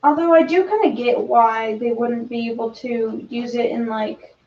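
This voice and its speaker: A woman's voice: a little high, moderate pace, a little mellow, a little hiss or hum. A woman chatting casually on a livestream, reading headlines aloud with hesitant ums. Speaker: livestream co-host. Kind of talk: casual chat. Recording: distant, roomy, dull-sounding.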